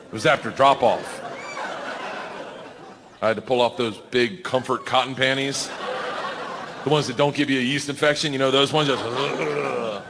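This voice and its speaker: A man performing a profane stand-up comedy set on a club stage, telling brash, animated stories into a handheld mic. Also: mid-range voice, normal speed, long pauses. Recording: live show with loud crowd laughter and noise.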